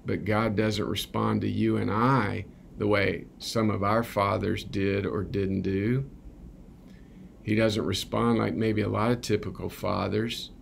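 Slow, gravelly man preaching earnestly. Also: lowish voice, a little hiss or hum. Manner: earnest, keeps asking "right?". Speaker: recovery ministry speaker. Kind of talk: conversational sermon.

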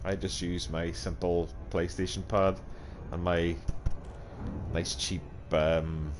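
Low-voiced Northern Irish man chatting. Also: level tone, noisy background. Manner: chatty, self-mocking, quick to apologise. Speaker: game streamer. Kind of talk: casual chat with viewers while playing. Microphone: gaming headset.

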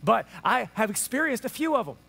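A man preaching an Easter sermon to a church congregation, animated and playful, acting out little voices for laughs. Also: extremely high pitch, brisk, creaky. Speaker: pastor. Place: church sanctuary before a congregation.

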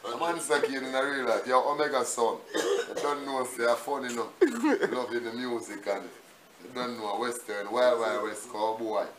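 A man's voice: mid-range voice, fairly even intonation, normal speed, crowd noise. Chanting dancehall deejay man. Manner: chanting, repetitive, half-sung patois lines. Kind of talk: freestyle deejaying over a beat. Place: recording studio. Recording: echoey, far from the mic, loud music. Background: loud music.

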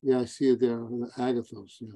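A male student asks questions in a class, halting and repeating words as he goes. His voice sounds dry and close. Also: mid-range voice, little pitch movement, dark tone, no echo. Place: church classroom.

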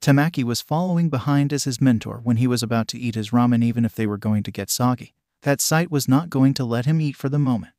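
A man narrating a fan fiction story in a flat, steady, synthetic-sounding reading. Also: medium pitch, fast talker, few pauses, no room sound, studio quality.

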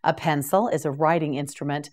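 A woman teaching English vocabulary to beginners, who says each word slowly and repeats it, with brief praise like "correct" and "well done". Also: deep voice, fairly even intonation, darkish tone. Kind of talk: slow, clear vocabulary drill for beginners.

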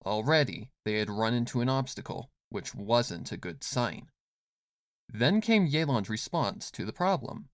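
A man narrating a fanfiction story in an expressive, measured reading voice. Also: mid-range voice, no echo, clean studio sound. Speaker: fanfiction reader.

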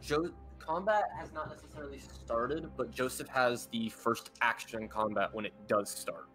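Guy dming a tabletop game on a call, mid pitch, keeps restarting sentences. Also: moderate pace, a bit bright, soft background music. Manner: hesitant, restarts often while explaining rules. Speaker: dungeon master.

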